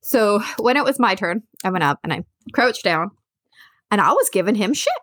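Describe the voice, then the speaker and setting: A young adult woman tells her story in a lively, swooping voice, candid and animated, and brings the people in it to life as she quotes them. The sound is dry, with no room echo. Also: medium pitch, normal speed. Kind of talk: personal storytelling.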